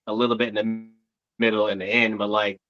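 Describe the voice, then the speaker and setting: Chill guy on a podcast, bright voice, muffled lo-fi mic. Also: fairly low pitch, little pitch movement, brisk, no echo. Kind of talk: casual wrestling chat. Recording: dull lo-fi mic.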